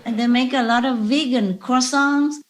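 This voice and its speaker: A woman's voice: high voice, fairly even intonation. A woman spiritual teacher speaking casually over a video call, telling stories in broken, repetitive phrasing with frequent laughs. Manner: broken, halting non-native phrasing.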